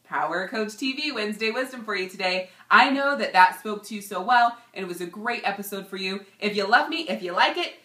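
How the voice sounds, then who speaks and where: A woman in her thirties giving an energetic, emphatic motivational talk as a coach and vlog host. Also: mid-range voice, brisk, few pauses. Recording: echoey room.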